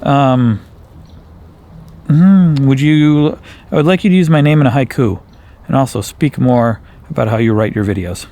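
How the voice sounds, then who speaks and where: A man from Wisconsin chatting casually to camera outdoors in his backyard, rambling and correcting himself, often jumping up in pitch for emphasis. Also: normal speed, warm tone. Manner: rambling, self-correcting, playful, with big jumps up in pitch. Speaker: YouTuber. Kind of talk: casual vlog chat.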